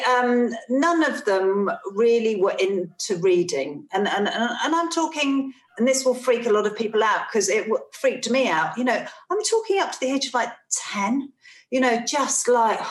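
Earnest woman telling a story in a roomy space. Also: mid-range voice. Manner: earnest, halting, with many restarts and repeated phrases. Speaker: parent guest telling a story. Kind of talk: casual conversation, personal storytelling. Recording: roomy, echoey room sound.

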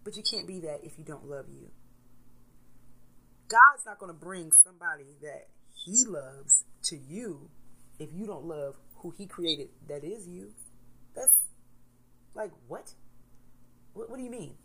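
A woman in her thirties, a mother, talking candidly to camera in a casual motivational vlog, swinging between soft reflection and loud emphasis. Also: on the low side, animated, unhurried, long pauses, slightly rough, low-quality recording. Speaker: vlogger, mother.

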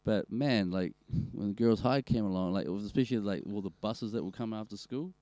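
A man's voice: on the low side, a little fast, dark tone, no room sound. A man with a New Zealand accent on a podcast, chatting casually in a rambling, sweary way. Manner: rambling, sweary, trails off and restarts. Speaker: podcast co-host. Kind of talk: casual chat.

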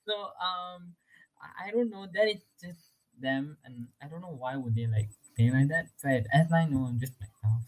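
A man's voice: on the high side, normal speed, poor audio. A young man telling his own story in a casual interview, chatty and full of "like" fillers, laughing often.

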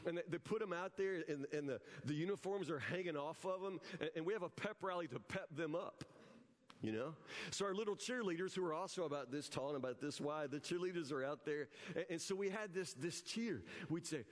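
A high-voiced preacher delivering a lively, joking sermon. He swings from easy, chatty asides into full-throated shouts. His words ring out with a long reverb through a church hall. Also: a little fast. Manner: animated and joking, breaks into shouts. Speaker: pastor.

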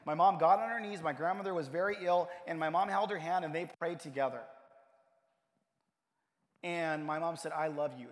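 A pastor preaching a sermon in a church, telling a personal story and building to emphatic points. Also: male voice, on the high side, normal speed, pauses often. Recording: long hall reverb.

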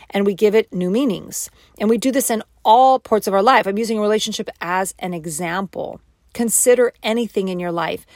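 A woman giving a motivational self-help talk, animated and acting out quoted inner voices. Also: medium pitch, no room sound, clean studio sound.

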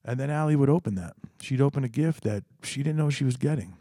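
A man's voice: medium pitch, animated, fast talker, hardly any pauses, warm tone, no room sound, studio quality. A man telling a personal story to listeners in a conversational way, speaking to them directly. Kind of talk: spoken storytelling to an audience.

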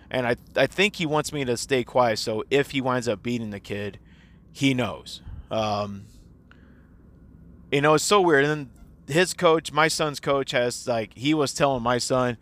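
A man's voice: medium pitch, animated, normal speed, a bit bright. A man in his forties, a teacher, talking casually and candidly in a personal audio diary, rambling and swearing freely.

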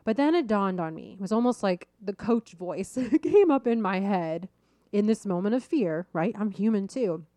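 A woman coach and host tells a story in a loose, conversational way and often laughs at her own misadventures. Her voice sits at an ordinary middle pitch. It is recorded dry and close, with no room sound behind it. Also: lively intonation, moderate pace, mellow, no room sound. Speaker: weight-loss coach and podcast host. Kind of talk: casual storytelling monologue.

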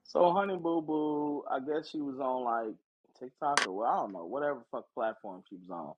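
Blunt husky man, dull lo-fi audio. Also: mid-range voice, normal speed. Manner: loose, blunt, swears freely. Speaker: podcast co-host. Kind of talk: casual chat.

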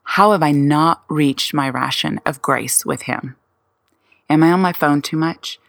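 A woman in her forties hosts a solo podcast. Her voice sits low with a gravelly grain, and the close, dry recording has no room sound. She rattles off candid, self-questioning rhetorical questions with a wry touch. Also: measured pace, fairly bright tone, no echo. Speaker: podcast host.

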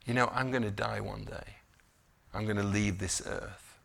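A middle-aged man delivers a sermon, leaning on slow emphatic phrases before easing into quiet, chatty asides. His voice is gravelly with a bright, forceful edge. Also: lowish voice, steady tone. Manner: drops to quiet conversational asides. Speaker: pastor.

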